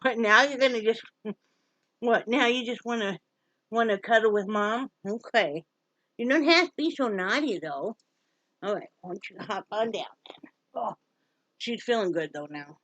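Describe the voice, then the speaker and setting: Recorded dry, a woman with a medium-pitched, fairly bright voice speaks at normal speed and pauses often. She's a pet-rescuing vlogger from Wyoming, chatting folksily to viewers at home and slipping into coaxing, sing-song baby talk with her dog.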